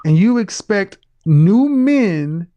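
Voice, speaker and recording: A man's voice: high-pitched, big pitch swings, slow, no echo, muffled recording. Dry-sounding, lecturing male call-in host. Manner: blunt, lecturing, cuts in. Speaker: dating advice show host. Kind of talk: confrontational call-in advice.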